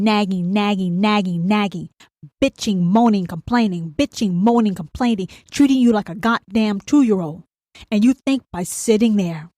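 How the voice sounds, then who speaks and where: A woman's voice: a little high, darkish tone, no echo, clean studio sound. Blunt, profane woman podcast host. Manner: blunt, confrontational, rhetorical questions, heavy swearing. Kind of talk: profane motivational monologue.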